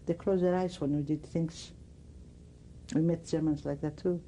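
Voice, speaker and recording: An older woman with a Greek accent, giving oral history testimony in halting speech, often searching for words. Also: low voice, fairly even intonation, mellow, a little hiss or hum, low-quality recording. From Greece. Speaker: interviewee.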